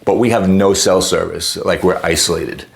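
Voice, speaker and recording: Man, deep voice, casual exasperated storyteller in a talking-head vlog. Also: normal speed, vocal fry, slight background noise. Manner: exasperated, animated retelling with acted quotes. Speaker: homeowner telling a customer-service story.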